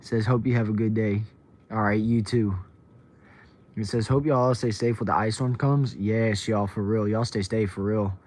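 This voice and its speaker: A young man from Texas hosts a casual livestream, reading comments aloud and greeting viewers by name. His voice sits fairly low, and his delivery stays laid-back and chatty. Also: fairly even intonation, normal speed, darkish tone. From Texas, USA. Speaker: livestream host.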